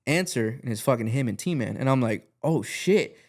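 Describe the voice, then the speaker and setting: A man's voice: medium pitch, lively intonation, a little fast. A man, a podcast guest and music artist, telling a rambling story in a casual chat, full of fillers and swearing, acting out the lines he quotes.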